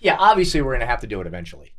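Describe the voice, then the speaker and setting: A man's voice: mid-range voice, big pitch swings, rapid-fire, fairly bright tone. A man who produces and co-hosts a podcast, joining in with teasing, joking banter. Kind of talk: casual chat.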